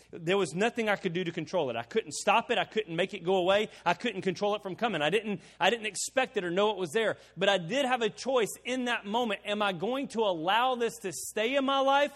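High-voiced pastor preaching in a reverberant hall. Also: male voice, fairly bright tone. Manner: conversational preaching with personal stories, emphatic repetition. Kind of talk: sermon.

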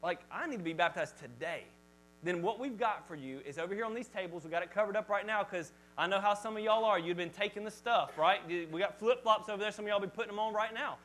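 High-voiced man preaching a lively sermon. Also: fast talker, few pauses, slight background noise, rough recording. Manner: lively, chatty, joking with the congregation. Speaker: pastor. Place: church service before a congregation.

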